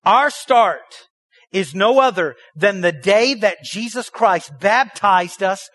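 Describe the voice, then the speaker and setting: Emphatic high-voiced male pastor preaching. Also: lively intonation, takes it slowly, a bit bright, dry recording, clean studio sound. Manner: emphatic, rhetorical questions, leads the congregation in repeating lines. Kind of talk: sermon.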